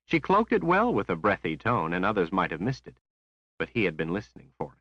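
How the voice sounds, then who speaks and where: A man narrating a fantasy audiobook in a measured, even storytelling manner. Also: sits low, no echo, highs cut off. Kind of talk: scripted narration.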